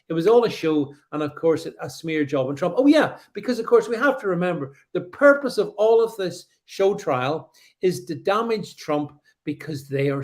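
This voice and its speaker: A middle-aged man from the UK hosting a live stream, reading viewer comments and reacting with sarcastic, animated commentary full of restarts. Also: on the high side.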